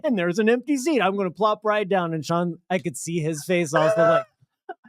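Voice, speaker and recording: A man's voice: high-pitched, normal speed, dry recording, studio quality. A man co-hosting a radio show, telling a story in casual chat and acting out the quotes. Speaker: radio co-host.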